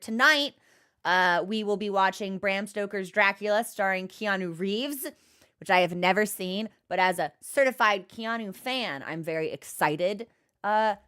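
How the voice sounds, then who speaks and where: A woman streaming a game and chatting casually with viewers, rambling and quick to laugh. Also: mid-range voice, a bit bright, smooth. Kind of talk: casual livestream chat.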